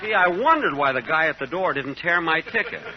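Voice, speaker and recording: A man's voice: fairly high pitch, expressive, fairly quick, a loud crowd. A man starring in a 1940s radio comedy, exasperated and self-deprecating. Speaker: comedian, star of the show. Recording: muffled old radio broadcast with loud hiss.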